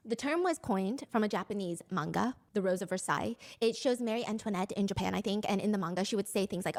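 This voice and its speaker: A young woman hosting, telling gossip stories in an animated, casual way and swearing freely. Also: medium pitch, quick pace, few pauses. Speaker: host.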